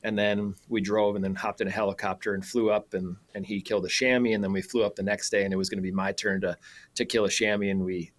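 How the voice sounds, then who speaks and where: A young man telling a travel story on a radio show, animated and laughing, with many fillers and restarts. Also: on the low side, fast talker. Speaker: guest photographer and hunter.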